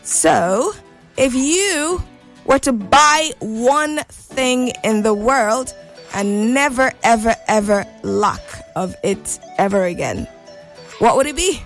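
A playful, bubbly woman hosts a morning radio phone-in, teasing the people who call and occasionally lilting in a sing-song way. Her voice is on the high side with lively intonation, slow, with faint music behind.

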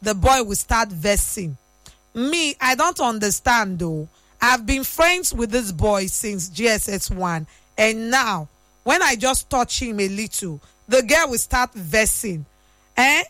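A young Nigerian woman with a fairly high voice chats and teases in a casual host style. She mixes in Pidgin slang and laughs often. The sound is dry and close to the mic. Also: expressive, takes it slowly, pushed and bright, dry recording, faint music behind. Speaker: radio host. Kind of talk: casual chat.

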